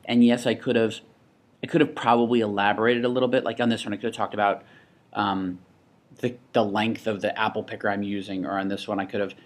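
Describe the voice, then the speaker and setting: A man with a somewhat low voice teaches a screen-recorded software tutorial. He talks casually and thinks aloud, with small restarts and asides, like a parent showing another how it is done. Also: flat delivery, quick pace. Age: adult with a child.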